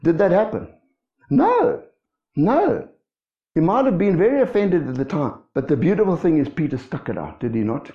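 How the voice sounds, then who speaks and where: A man preaching a sermon to his congregation, animated, acting out quoted voices and asking the listeners questions. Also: fairly high pitch, normal speed, roomy sound, muffled recording. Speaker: pastor.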